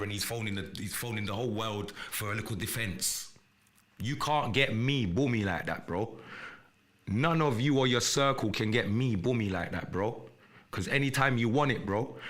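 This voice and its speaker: Defiant, profane man with a sharp voice. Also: mid-range voice. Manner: profane, defiant, repetitive and threatening. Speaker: live podcast host. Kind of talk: confrontational livestream rant.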